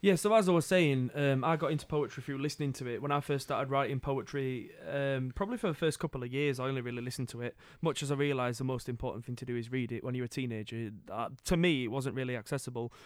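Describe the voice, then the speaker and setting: Male radio co-host, fast and smooth, dry close mic. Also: mid-range voice, no room sound. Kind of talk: casual radio chat.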